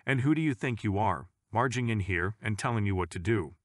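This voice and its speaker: A man's voice: fairly low pitch, lively intonation, fairly quick, no echo, clean studio sound, lightly acted. A man reading a sneering, sarcastic boss. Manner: brusque and sneering. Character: curt, sarcastic, hostile male office boss.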